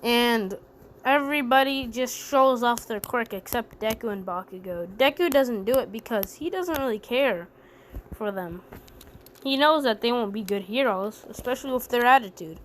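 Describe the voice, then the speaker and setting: Woman narrator, casual and rambling, slightly high voice. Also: lively intonation, normal speed, slight background noise. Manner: chatty, rambling asides. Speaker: fan storyteller. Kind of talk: casual fan-story narration.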